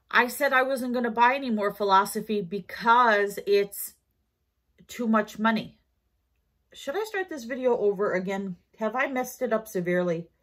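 A woman's voice: a little high, fairly bright tone. A tired woman with a New York accent, rambling through a casual shopping haul vlog with lots of fillers and self-corrections. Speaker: haul vlogger.

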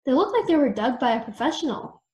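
A woman voicing a confident, playful woman sleuth with a brisk, teasing way of talking, recorded in a roomy space. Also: high-pitched, expressive, a little mellow. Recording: roomy echo.

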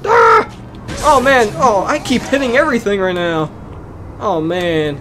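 A young gamer giving casual let's-play commentary, excitable and full of exclamations. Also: medium pitch, moderate pace. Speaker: gaming commentator. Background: game music.

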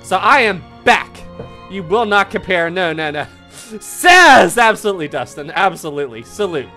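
A man's voice: high voice, very animated, moderate pace, pushed and bright, faint music behind. A man hosting a live game stream, commenting playfully, laughing often and putting on theatrical farewells. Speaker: streamer and host.

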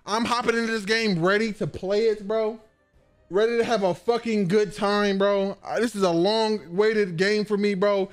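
A young man reacting to a video game as he plays, excitable and profane, with loud outbursts and banter. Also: high voice, moderate pace, soft background music.

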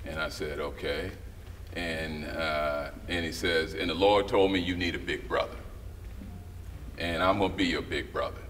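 A low-pitched middle-aged man tells stories as an interview guest, lively, slipping into the voices of people he quotes. The mic sits a little distant and a faint noise runs underneath. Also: normal speed. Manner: animated storyteller who acts out quoted voices. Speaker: guest, writer and director. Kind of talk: storytelling in a casual interview.

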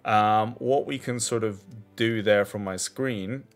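A man presenting a screen-share technology demo, explaining in a halting way that restarts and repeats words. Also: fairly low pitch, faint music behind. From Scotland.

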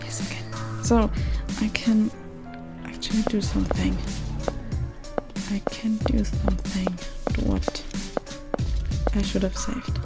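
A woman's voice: medium pitch, big pitch swings, slow, pauses often, loud music behind the voice. A woman doing let's play commentary, blunt and swearing as she talks herself through the game. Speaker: gamer.

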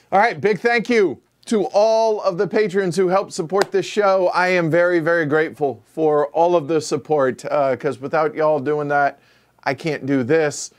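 Chatty man hosting a game stream, slightly high. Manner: chatty, rambling, restarts lines; folksy, says y'all. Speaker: board game show host. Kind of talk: casual live-stream intro chat.

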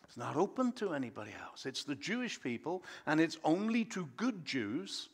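Brief: a pastor in church, pitched slightly high, chatty and animated. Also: male voice, normal speed, vocal fry, husky. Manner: conversational, animated storytelling. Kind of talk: sermon.

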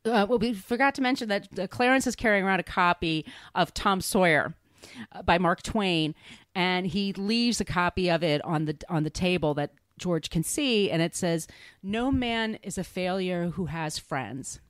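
A woman's voice: lowish voice, normal speed, no room sound. Woman cohost rambling through a movie recap, dry close mic. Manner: chatty, rambling, with laughs and restarts. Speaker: podcast co-host. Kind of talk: casual chat retelling a film.

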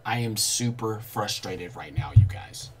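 A young man casually commentating his gameplay on a live stream, excitable and swearing as he talks to his viewers. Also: fairly low pitch, measured pace, very noisy. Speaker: gaming streamer.

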